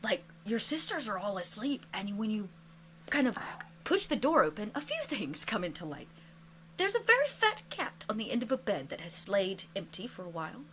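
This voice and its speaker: A woman narrating a tabletop role-playing game as game master, lively and chatty, with many fillers. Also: mid-range voice, moderate pace, a little hiss or hum.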